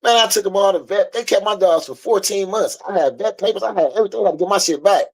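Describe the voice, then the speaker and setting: High-voiced blunt man telling stories. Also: fast talker. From United States. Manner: blunt, profane, animated storytelling. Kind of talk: casual street talk.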